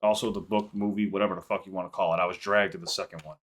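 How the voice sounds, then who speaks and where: A man's voice: sits low, very fast, very noisy. A man hosting a music reaction video, talking casually, swearing freely and stopping often to break down lyrics. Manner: excitable, swears casually, stops to unpack lyrics. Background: hip hop track playing faintly.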